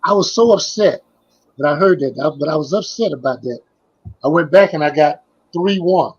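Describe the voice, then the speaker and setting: Older male guest, high husky voice, rambling anecdotes with lots of repeats. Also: lively intonation, moderate pace, highs cut off. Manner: rambling, repeats phrases, trails off. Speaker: guest, former basketball player. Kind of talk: casual interview storytelling.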